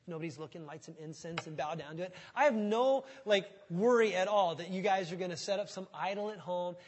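A male pastor preaching a sermon with animated storytelling, swinging from loud bursts to hushed tones. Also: high-pitched, fairly quick, slight background noise.

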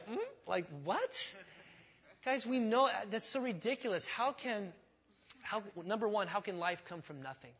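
A man's voice: high-pitched, fairly bright tone. A man preaching a sermon in a conversational way, with rhetorical questions, asides and self-deprecating humor. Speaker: pastor.

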